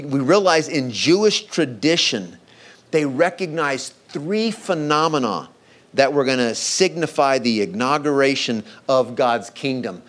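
A man preaching a sermon, reading scripture aloud and acting out the quoted voices with dramatic emphasis. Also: medium pitch. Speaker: pastor.

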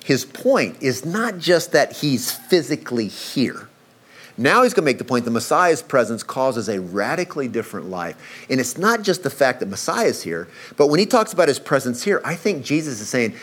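A man's voice: mid-range voice, very animated, moderate pace, fairly bright tone. A middle-aged man preaching a sermon, emphatic and explanatory, mixing scripture reading with a personal story. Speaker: pastor.

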